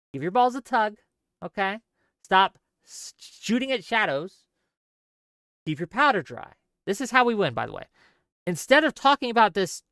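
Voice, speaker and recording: A man hosting a political commentary livestream, talking straight to his viewers in a sarcastic, exasperated rant. His voice is bright and crisp, and the sound is dry and close with no room echo. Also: high-pitched. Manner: talks straight to viewers, reads chat. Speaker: political commentary show host.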